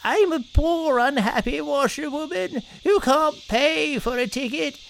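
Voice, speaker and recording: A man voicing a desperate toad disguised as a washerwoman, in a high shrill falsetto, wailing and pleading. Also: measured pace, gravelly, fairly bright tone, slight background noise, heavily acted.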